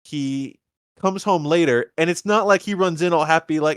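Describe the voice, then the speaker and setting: Animated man retelling a movie, dry sound. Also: fairly high pitch, moderate pace, smooth, dry recording. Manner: animated retelling, acting out movie characters' lines, stammering restarts. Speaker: podcast host. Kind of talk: casual movie rewatch chat.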